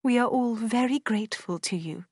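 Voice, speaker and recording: A gracious, calm mother from a storybook, as a woman reader voices her. She speaks gently and with measured politeness. The sound is dry and close. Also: fairly high pitch, dry recording, close to an everyday voice.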